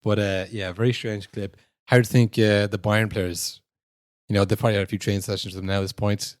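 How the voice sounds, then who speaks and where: A man co-hosting a football podcast in casual chat, swearing freely and acting out quotes in loud mocking voices. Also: fairly low pitch, level tone, fast, no room sound, clean studio sound. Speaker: podcast co-host. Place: podcast studio.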